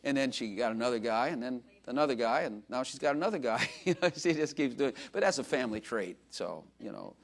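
A man's voice: medium pitch, lively intonation, fairly quick, hardly any pauses. An older man giving an informal sermon, telling rambling, self-mocking stories full of fillers and asides to a congregation. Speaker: preacher.

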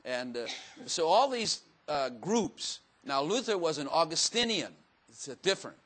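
A man's voice: a little high, very animated, normal speed, a bit bright. A man giving a casual, folksy Bible teaching to a room, chatty and self-mocking, often asking his listeners questions. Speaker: teacher or preacher.

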